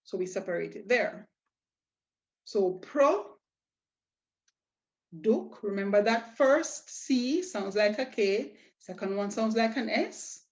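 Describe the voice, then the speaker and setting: A woman teaching a language lesson, explaining step by step with patient, drawn-out examples and rhetorical questions. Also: medium pitch, darkish tone. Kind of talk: slow, deliberate lesson explanation. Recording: dull, lo-fi audio.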